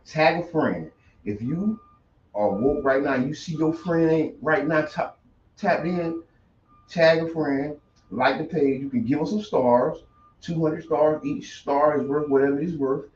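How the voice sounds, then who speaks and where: A man's voice: fairly high pitch, moderate pace, a little mellow, distant mic, slight background noise. A man co-hosting a casual morning livestream, joking and playful, often stammering and repeating words. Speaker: morning show co-host. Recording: dull, roomy, from off the mic.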